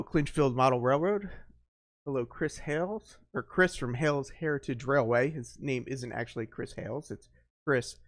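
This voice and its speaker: A man hosting his first live stream, chatting off the cuff, greeting viewers one by one and often pausing on fillers. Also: a little high, dry recording, clean studio sound. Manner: unscripted, greets viewers by name, halting with fillers. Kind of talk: casual live stream chat.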